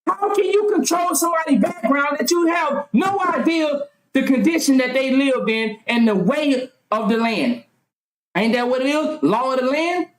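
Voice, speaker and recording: A woman vlogger delivering a fervent monologue full of rhetorical questions, at times yelling and swearing freely. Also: sits high, expressive, normal speed, background noise. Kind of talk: impassioned monologue. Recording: roomy echo.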